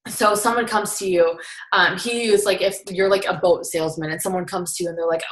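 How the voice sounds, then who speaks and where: A woman's voice: lowish voice, fairly even intonation, a little fast, a bit bright. A young woman recapping a seminar in casual chat, earnest and coaching, filling her talk with "like". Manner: chatty, heavy use of filler "like". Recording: echoey room.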